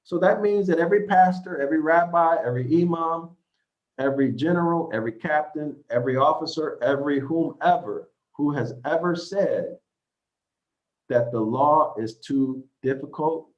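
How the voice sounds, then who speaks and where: A man's voice: on the high side, normal speed. Man teaching scripture, muffled audio. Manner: repeats points, asks "okay?" and "right?"; reads verses aloud, then explains them. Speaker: Bible teacher. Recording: slightly dull lo-fi audio.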